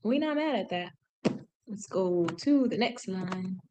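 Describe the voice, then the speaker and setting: Woman, mid-range voice; relaxed streamer reading lines aloud and translating, chatting and correcting herself as she goes. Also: medium pitch, takes it slowly. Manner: chatty, self-correcting, laughs at herself, drops into sung snippets. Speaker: language learner streaming a reading session.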